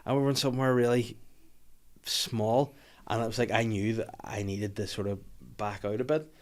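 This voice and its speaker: A man's voice: fairly low pitch, fairly even intonation, normal speed. Man telling stories on a podcast. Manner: swearing, storytelling, rambling. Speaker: podcast host. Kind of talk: casual podcast chat.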